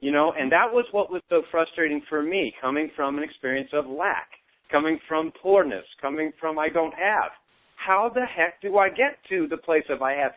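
A man speaking in casual conversation as a guest. He is animated, laughs often and acts out other voices in his stories. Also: sits high. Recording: tinny phone-like audio.

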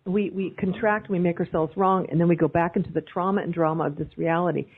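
Husky woman coaching over a call. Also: on the low side, fast. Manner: animated, emphatic, repeating phrases. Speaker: guest speaker, life coach. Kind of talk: motivational talk on a group call. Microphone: video call. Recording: phone-like call audio.

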